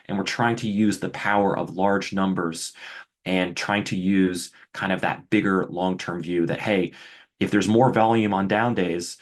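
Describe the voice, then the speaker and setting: A man's voice: low voice, fairly even intonation, measured pace. A middle-aged man explaining a trading indicator in a conversational webinar style, often asking rhetorical questions. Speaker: trading educator.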